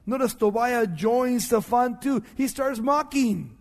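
A male preacher giving a sermon, swinging from hushed low passages to loud emphatic peaks and asking and answering his own questions. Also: expressive, slow, few pauses. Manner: asks and answers rhetorical questions. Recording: long hall reverb.

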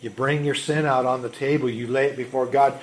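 A man preaching a sermon as a pastor, emphatic, swinging between loud urgency and hushed intensity. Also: medium pitch, fairly even intonation, a little fast.

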